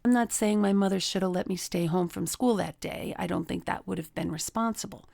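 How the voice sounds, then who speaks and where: Speaking fairly quickly in a lowish voice with vocal fry and a slightly mellow quality, a middle-aged relationship coach shares personal stories to teach. She voices the people she quotes in a raised tone, and the recording is dry.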